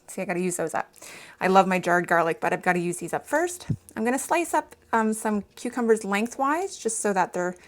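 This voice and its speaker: A woman in her thirties from Canada chats straight to her viewers while cooking in her home kitchen, sounding a little out of breath. As a home cooking vlogger in a casual vlog, she speaks a little fast with a mid-range voice and lively intonation.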